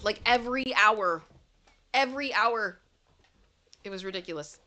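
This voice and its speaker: A woman's voice: mid-range voice, a little slow, bright, forceful tone. A woman hosting a casual livestream, chatty and talking through a lingering cold. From Canada. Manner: chatty, reads song-lyric riddles aloud to chat. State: congested with a cold. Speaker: livestream host.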